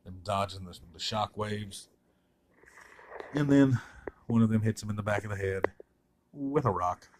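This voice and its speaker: A man's voice: on the low side, a little slow, pauses often, a little hiss or hum. A man reviewing a comic in a casual, sarcastic and blunt way, swearing freely.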